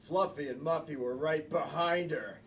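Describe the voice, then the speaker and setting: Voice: medium pitch, moderate pace. An improv performer narrating a made-up story on stage. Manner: playful, laughing narration. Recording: distant mic, live crowd noise.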